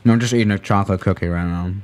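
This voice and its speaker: A man's voice: low-pitched, a little mellow. Laid-back rambling male streamer. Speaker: flight sim streamer. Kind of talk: casual live-stream chat.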